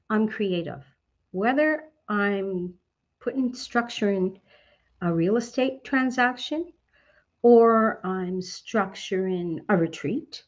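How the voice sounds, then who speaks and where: A Canadian woman giving a motivational talk to a business network. She is outgoing and animated, and she often asks questions and then answers them herself. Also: fairly high pitch, dull audio.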